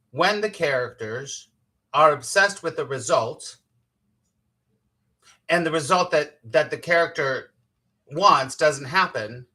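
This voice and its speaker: A man's voice: fairly high pitch, bright, forceful tone. A man, a spiritual teacher hosting a casual live-streamed morning talk, chatty and playful, laughing often and greeting viewers by name.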